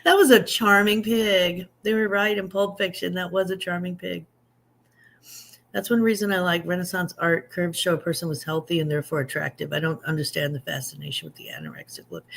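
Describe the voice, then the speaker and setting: A woman's voice: on the low side, a bit bright. Chatty woman in her fifties hosting a live chat. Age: 50s. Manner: chatty, reads viewer comments aloud and answers them; self-deprecating and joking. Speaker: livestream host.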